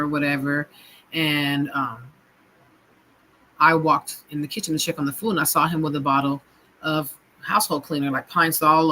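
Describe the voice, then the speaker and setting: A woman telling her own story of abuse as a personal testimony, in a halting way full of fillers and restarts. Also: deep voice, bright, forceful tone, slight background noise, poor audio. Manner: halting, full of "you know" and "kinda" fillers.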